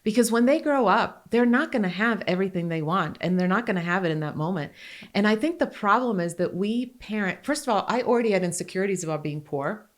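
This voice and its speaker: A woman in her forties telling personal stories in a casual, animated way as a podcast guest. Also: mid-range voice, fast talker. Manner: animated, grows excited then softens. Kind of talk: casual conversational storytelling.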